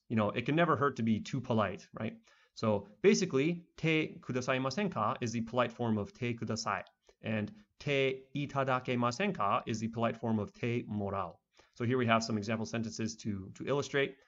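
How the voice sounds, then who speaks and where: A man teaching a beginner language lesson online in a relaxed, conversational way with lots of fillers. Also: mid-range voice, highs cut off.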